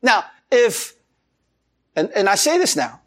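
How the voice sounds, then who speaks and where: Male pastor mid-sermon; very lively, swooping pitch, expressive and animated. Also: slow. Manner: animated preaching with laughs and acted-out quotes.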